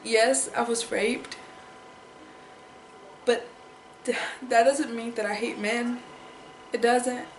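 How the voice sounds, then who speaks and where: A woman's voice: on the high side, steady tone, slow pace, pauses often, reverberant, slight background noise, poor audio. A young woman talking in an emotional personal vlog, upset and repeating herself as she holds back tears. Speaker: vlogger.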